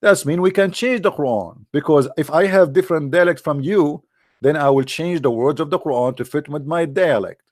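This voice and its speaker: A man's voice: on the high side, a little fast, a little mellow, no room sound, studio quality. A man delivering a mocking, sarcastic monologue to viewers in broken, non-native English. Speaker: online commentator.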